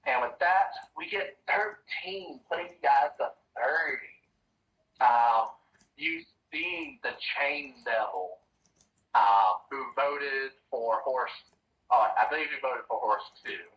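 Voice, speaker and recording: A man's voice: mid-range voice, dull audio. Echoey, distant man running a tabletop game. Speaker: dungeon master.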